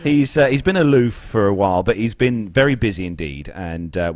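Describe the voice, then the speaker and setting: A man's voice: fairly low pitch, animated, fairly quick, few pauses, a little mellow, dry recording. A man hosting a casual podcast over a video call, introducing guests in a rambling, chatty way with lots of fillers. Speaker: podcast host. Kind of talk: casual chat.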